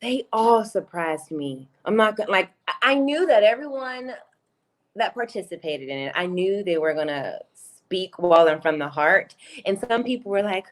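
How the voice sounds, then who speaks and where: A woman's voice: mid-range voice, animated, moderate pace. A woman speaking as a guest in a casual video-call conversation, earnest and full of stammering restarts. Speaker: guest, singer-songwriter and project creator.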